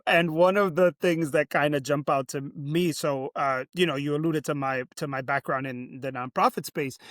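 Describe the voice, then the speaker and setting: A man's voice: a little high, fairly bright tone, no echo, clean studio sound. A man in his forties, a program director, chatting upbeat and talkative as a podcast guest, often restarting his sentences. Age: 40s. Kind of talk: casual interview conversation. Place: Baltimore, Maryland.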